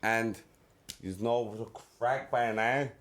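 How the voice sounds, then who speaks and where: A host opening the show with lively hype, speaking at a middle pitch for a man. His manner is upbeat. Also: slow pace. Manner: upbeat, hyping. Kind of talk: casual chat.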